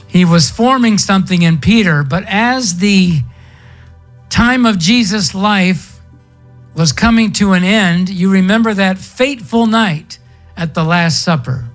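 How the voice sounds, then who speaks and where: A man's voice: sits high, a little slow, soft background music. A male pastor preaching a sermon in a conversational storytelling way, drawing out words for emphasis.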